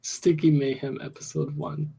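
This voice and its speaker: A man's voice: mid-range voice, sing-song, moderate pace, warm tone, slightly rough. A man chatting as a guest on a casual podcast, telling stories about his girlfriend.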